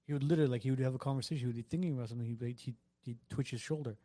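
A man's voice: mid-range voice, racing, dark tone, dry recording. A man co-hosting a casual talk show, telling anecdotes and acting out what friends said. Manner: storytelling, acts out quotes, laughs easily. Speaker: podcast co-host. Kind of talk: casual chat.

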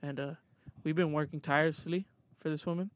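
A young man co-hosting a podcast in casual chat, joking and telling animated stories. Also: on the high side, a little fast, no room sound. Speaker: podcast co-host.

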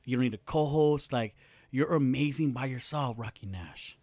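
A man's voice: mid-range voice, moderate pace, a little mellow, no echo. A young man hosting a podcast, chatting casually, joking and swearing freely in a small studio. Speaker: podcast host.

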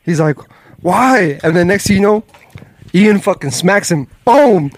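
A man's voice: high-pitched, animated, unhurried. A man recounting a story in slangy, profane casual chat.

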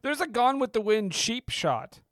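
A man co-hosting a casual film podcast, chatty and quick to laugh as he points out film details. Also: extremely high pitch, big pitch swings, a bit bright, no room sound, clean studio sound. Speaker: podcast co-host and editor.

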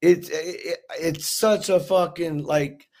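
A man's voice: a little high, fairly even intonation, slow, darkish tone. A man, a rapper guesting on a podcast, telling long stories with heavy swearing and lots of restarts. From Memphis, Tennessee. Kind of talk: casual storytelling conversation.

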